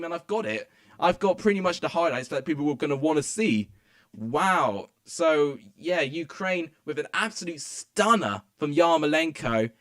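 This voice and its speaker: A young man giving excitable, rambling commentary as he live-streams a football match from home. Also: a little high. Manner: excitable, rambling, many fillers. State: out of breath. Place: home room.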